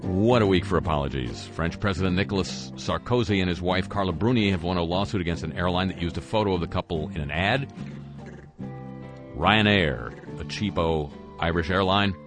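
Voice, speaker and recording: A man's voice: low voice, brisk, music in the background. A man hosting talk radio, reading news items with sarcastic, wry asides. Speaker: radio host.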